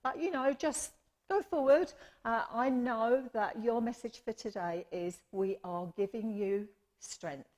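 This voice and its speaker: A woman's slightly slow, somewhat high and a little mellow voice carries this live mediumship demonstration at a church service. She gives readings in a chatty, affectionate way, regularly saying sorry and calling people "my lovely."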